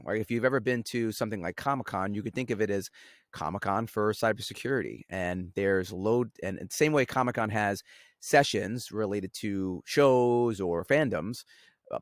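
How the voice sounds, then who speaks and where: Low-voiced man with a New York accent. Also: no echo, clean studio sound. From Staten Island, New York. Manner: explanatory, uses "right?" often. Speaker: podcast guest. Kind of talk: casual chat.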